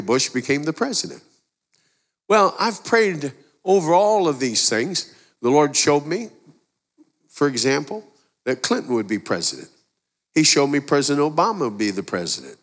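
A man's voice: on the high side, a bit bright. Man preaching a folksy sermon in a reverberant church. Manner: folksy, conversational preaching with quoted dialogue. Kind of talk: sermon with storytelling. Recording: long hall reverb.

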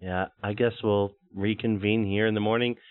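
A man playing a tabletop game in character, casual and halting, often laughing. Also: fairly low pitch, steady tone, smooth. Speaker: player. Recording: tinny phone-like line.

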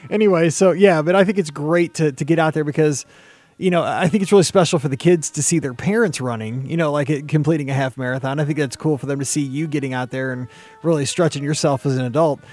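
Male podcast co-host, casual chat, rambling, lots of restarts, fairly high voice. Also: fast, darkish tone, no room sound.

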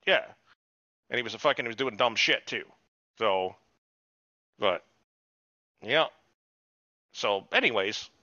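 A man rambles through a profane, animated episode recap, his voice bright and forceful. It sounds dry and close, but the sound is a little dull and lo-fi. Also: lowish voice, slow pace, long pauses, no room sound. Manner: profane, rambling, animated retelling with put-on quotes. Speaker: podcast co-host. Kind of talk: casual chat recapping a TV episode.

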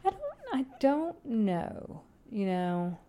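A woman's voice: mid-range voice, big pitch swings, slow pace, mellow. A woman hosting a solo podcast from home, talking casually in a rambling, chatty, self-deprecating way. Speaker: podcast host.

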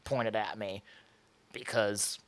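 A man's voice: fairly low pitch, fairly even intonation, slow pace. A young man from Tennessee, telling a story in casual chat, profane and acting out quotes with laughs.

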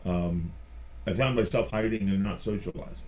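A middle-aged man, a magician guest, telling personal stories in a chatty, animated way and often restarting his phrases. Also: low-pitched, normal speed. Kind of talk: personal storytelling in conversation.

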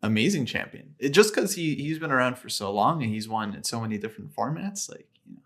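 A man's voice: medium pitch, expressive, fairly quick. A man co-hosting a casual podcast chat, talking in a hesitant, agreeable way with many fillers. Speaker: podcast co-host.

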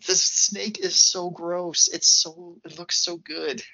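A man co-hosting a podcast, chatting casually about films in an expressive, reactive way. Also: high voice, gravelly. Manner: expressive and reactive, quick asides. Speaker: podcast co-host. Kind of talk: casual film discussion. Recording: slightly muffled lo-fi podcast audio.

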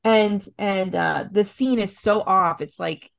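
A woman's voice: mid-range voice, slow pace, creaky. A woman hosting a podcast in casual, chatty talk, full of fillers and swearing freely. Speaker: podcast host. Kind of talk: casual podcast recap chat.

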